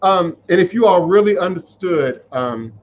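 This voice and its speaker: A man speaks to his live-stream viewers in a raised, fairly high voice, preachy and openly emotional. He repeats lines for weight as he answers their comments. The sound is dull and lo-fi, with a faint hiss underneath. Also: animated, normal speed. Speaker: spiritual teacher hosting a live stream. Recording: muffled livestream audio.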